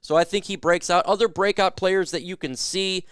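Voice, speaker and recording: A man's voice: high voice, steady tone, moderate pace, a bit bright, clear, resonant tone, no echo, studio quality. Upbeat man hosting a fan livestream. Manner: loose, joking, hyped fan banter. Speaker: sports talk livestream host. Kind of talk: casual live chat answering viewer questions.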